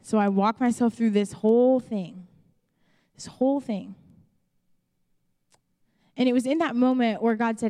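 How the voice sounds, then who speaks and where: In a church auditorium, a young woman pastor with a Chicago accent gives a frank, conversational sermon, slipping into acted-out asides. Her voice sits a little high with a dark tone, unhurried and full of pauses. Long reverb from the large hall rings around her.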